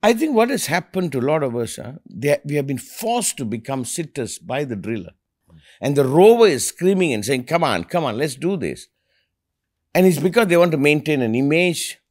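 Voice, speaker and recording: A man's voice: on the high side, sing-song, a little fast, darkish tone. A man hosting a podcast interview, talking with passion and emphasis, repeating words as he starts each thought. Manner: passionate, emphatic, acts out quoted dialogue. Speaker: podcast host. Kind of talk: conversational interview.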